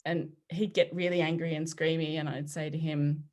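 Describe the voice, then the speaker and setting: A woman in her forties, a podcast guest telling personal stories in an animated way, often laughing and acting out what people said. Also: sits low, moderate pace. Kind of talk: conversational storytelling.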